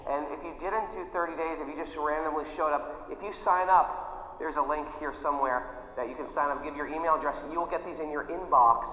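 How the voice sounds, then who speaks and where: A man's voice: on the high side, fairly even intonation, a little fast, pushed and bright. A man guiding a yoga class with short cues, chatty and playful, joking about himself between poses. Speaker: yoga instructor. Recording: echoey room with long reverb, dull lo-fi sound.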